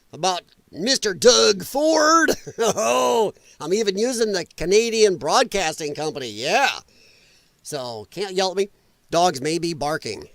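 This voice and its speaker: A man's voice: high voice, fairly bright tone, no room sound. A man hosting a live political talk stream from home, rambling and sarcastic in a casual commentary style. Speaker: political livestream host.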